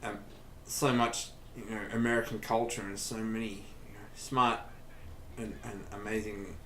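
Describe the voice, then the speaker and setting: A young man chatting casually over a let's play, telling stories in a rambling, animated way. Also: lowish voice, normal speed, a little hiss or hum. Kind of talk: casual gaming chat. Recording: echoey room.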